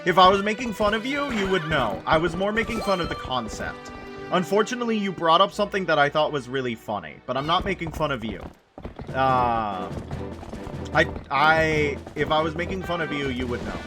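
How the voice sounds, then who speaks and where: A man's voice: on the high side, animated, normal speed. A man chatting casually with viewers while playing a game, rambling and correcting himself. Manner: rambling, self-correcting, reassuring chat. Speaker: game streamer. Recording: game music playing under the voice. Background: game music.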